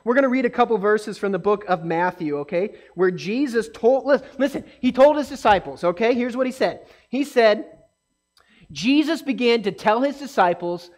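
Woman teaching a lively Bible lesson. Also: on the high side, normal speed. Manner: animated, asks the listeners questions. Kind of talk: Bible lesson for a young audience.

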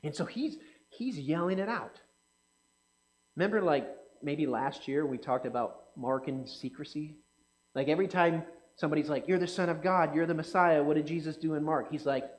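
A man's voice: on the high side, fairly quick, rough recording. A man giving a conversational sermon, asking his listeners questions and acting out the people in the story. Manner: animated, asks the audience questions, acts out quotes. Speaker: pastor or Bible teacher. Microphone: speaking to a live group, slide on screen.

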